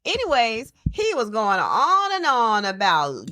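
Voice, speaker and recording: A woman co-hosting a podcast in casual chat, telling a story with animated quotes of other people. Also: fairly high pitch, slow pace. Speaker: podcast co-host.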